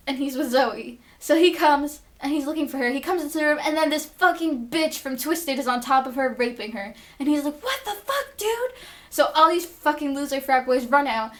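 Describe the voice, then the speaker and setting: A woman's voice: high voice, a bit bright. A woman recapping a TV episode in a casual, gushing way, swearing a lot and saying "like" often. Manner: gushing and profane, lots of "like" fillers. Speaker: vlogger reviewing a TV episode.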